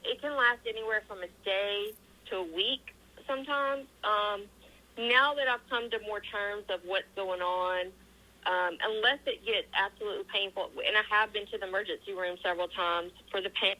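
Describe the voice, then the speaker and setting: A woman's voice: mid-range voice, moderate pace, pushed and bright, rough recording. A woman answering interview questions, telling a personal story in a casual, earnest way with many ums and acted-out quoted dialogue. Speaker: interview guest.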